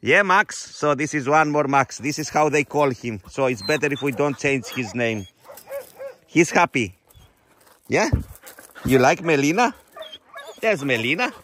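Middle-aged male shelter founder, bright and forceful voice, halting non-native English. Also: on the high side, expressive, a little hiss or hum. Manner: fond, coaxing talk to the dogs. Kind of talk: casual vlog narration. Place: animal shelter.

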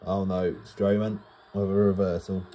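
A young man giving casual, excitable commentary over a wrestling video game, swearing and heckling the game's announcers. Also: sits low, unhurried, slight background noise. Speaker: gaming YouTuber.

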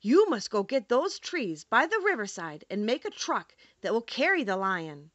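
A woman's voice: a little high, very animated, normal speed, a bit bright, no echo, dull audio. Woman doing an eager straw scarecrow. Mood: directing. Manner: eager and persuasive.

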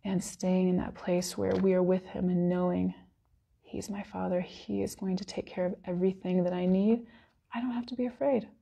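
Woman with a husky, gravelly voice for a heartfelt church devotional, earnest and near tears. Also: on the low side, level tone, moderate pace, dark tone. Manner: earnest, emotional, close to tears. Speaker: worship speaker. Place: church service.

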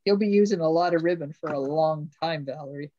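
A woman's voice: low voice, fairly quick, dark tone, no room sound. Gushing woman host, dull dry sound. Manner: gushing, exclaims over each item. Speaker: crafting host on a live stream. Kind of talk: casual live unboxing chat.

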